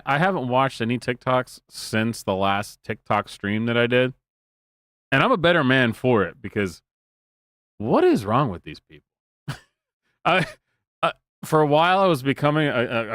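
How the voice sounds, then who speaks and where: A man's voice: medium pitch, fairly bright tone, no echo, clean studio sound. Man giving sarcastic reaction commentary. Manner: joking, sarcastic, many restarts. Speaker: streamer host.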